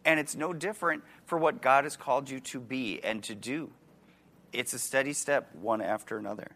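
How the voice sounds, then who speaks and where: With a mid-range, slightly bright voice, a forties-aged man from Wisconsin preaches in a conversational style. He poses questions to his listeners and often restarts words.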